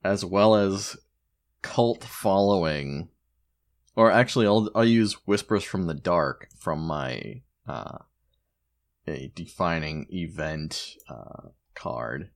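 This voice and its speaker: A man playing a tabletop game with a very low voice. He thinks out loud at an unhurried pace, pausing as he describes his character's moves. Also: vocal fry. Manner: slow, deliberate, hesitant planning. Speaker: player.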